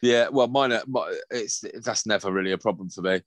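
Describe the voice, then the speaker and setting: A man's voice: on the low side, fairly quick, no echo. A man co-hosting a casual chat, telling stories in a crude, joking way. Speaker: podcast co-host.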